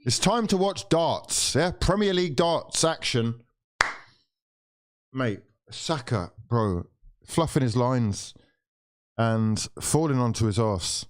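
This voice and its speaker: During a live football watchalong, a medium-pitched man calls the action slowly, leaving long pauses. He's animated, sighing, swearing and putting on mock despair.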